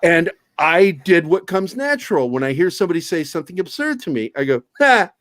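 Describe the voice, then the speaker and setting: A man's voice: fairly high pitch, very animated, fairly quick, dry recording. A man guesting on a podcast, telling stories in a casual, profane, self-mocking way. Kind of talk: casual storytelling chat.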